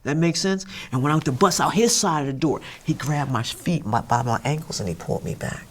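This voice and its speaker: A woman telling a dramatic true story, acting it out with loud sound effects and checking in with "that makes sense?". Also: low-pitched, expressive, a little fast, a little hiss or hum. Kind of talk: animated story time.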